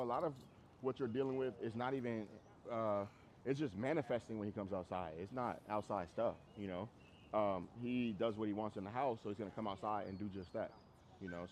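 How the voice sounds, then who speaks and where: Guy teaching a dog class, blunt and chatty, repeats himself to drive a point home, mid-pitched voice, dogs around. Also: darkish tone, slight background noise. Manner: blunt, conversational, repeats phrases for emphasis. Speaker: dog trainer. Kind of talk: group class instruction outdoors.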